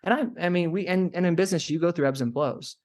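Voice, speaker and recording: The speaker is a young chiropractor appearing as a podcast guest, his voice fairly high, quick, and a little mellow. In casual interview chat he rambles from story to story, leaning on "like" constantly.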